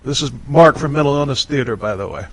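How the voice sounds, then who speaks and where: A male podcast host chatting casually with a guest. He rambles, restarts his sentences and laughs often. His voice sits in an everyday middle pitch. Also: expressive, fast talker, rough recording. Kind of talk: casual chat.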